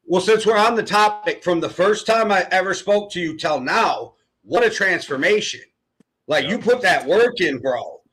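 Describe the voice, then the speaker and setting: A man's voice: high-pitched, expressive, normal speed, low-quality recording. A man hosting a podcast, talking casually and praising his guest. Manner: warm, praising. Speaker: podcast host. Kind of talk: casual chat.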